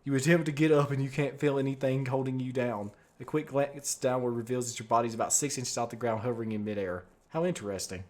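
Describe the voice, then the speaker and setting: A man's voice: medium pitch, fairly even intonation, fast, hardly any pauses, a little mellow. A young man streaming a text adventure, reading the story aloud and rambling through his own commentary, swearing and filling with "like". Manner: rambling, filler-heavy, swears and laughs often. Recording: faint background music.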